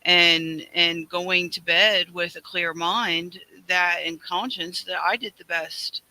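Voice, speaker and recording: A man with a high, sharply bright voice talks in a casual group discussion. He speaks earnestly, in measured, affirming phrases. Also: fairly even intonation, rough recording. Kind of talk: casual reflective chat.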